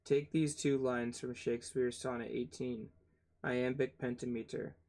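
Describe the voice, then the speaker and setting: Slow, grumbling young man reading aloud. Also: medium pitch, flat delivery, a little mellow. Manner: grumbling, cursing asides between passages; stumbles over words and spells them out letter by letter. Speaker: channel host reading a book aloud. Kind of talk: casual read-aloud with asides.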